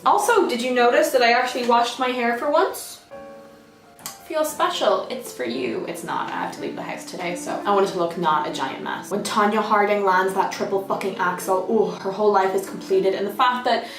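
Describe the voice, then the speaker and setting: A woman's voice: mid-range voice, normal speed, reverberant, far from the mic, music in the background. A young woman talking casually to camera as a vlogger, emotional and self-mocking, with frequent swearing. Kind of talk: casual vlog chat.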